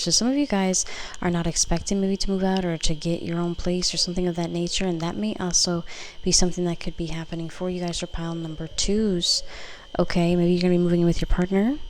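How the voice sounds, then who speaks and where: A woman's voice: lowish voice, level tone, brisk, slight background noise, poor audio. A woman giving a casual pick-a-card tarot reading, rambling with fillers and the odd swear word, at home. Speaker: tarot reader. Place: home room. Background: faint mini fridge buzz.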